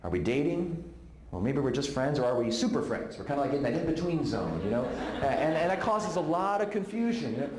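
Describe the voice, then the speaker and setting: A man's voice: a little high, big pitch swings, a little fast, roomy sound, a crowd in the background. A middle-aged man speaking at a conference, telling a story and acting out the voices of the people in it. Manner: storytelling, acts out quoted voices. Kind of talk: talk to a live audience. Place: conference hall.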